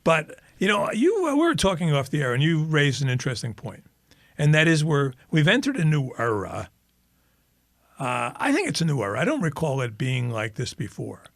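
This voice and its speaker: Lively gravelly man chatting on a podcast. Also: on the high side, moderate pace, no room sound, clean studio sound. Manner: animated storyteller, laughs often. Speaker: podcast co-host and author. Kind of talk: casual podcast chat.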